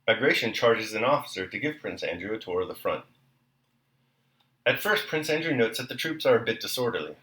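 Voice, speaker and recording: A man reading a novel aloud and then reflecting on the chapter, in a measured, even delivery. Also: lowish voice, roomy sound, poor audio. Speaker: reader and commentator.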